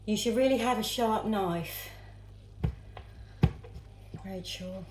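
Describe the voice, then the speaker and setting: Speaking slowly at a medium pitch, a woman films a casual cooking vlog in her home kitchen, chatting to herself and viewers as she chops vegetables. Clattering pans echo around her, and the background noise is heavy.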